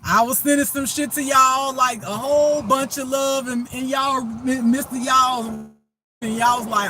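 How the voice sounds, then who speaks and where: A woman's voice: fairly high pitch, steady tone, normal speed, noisy background. A woman who reads tarot as a spiritual reader, talking to viewers in a blunt, profane, laughing rant. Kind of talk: casual unscripted monologue to viewers.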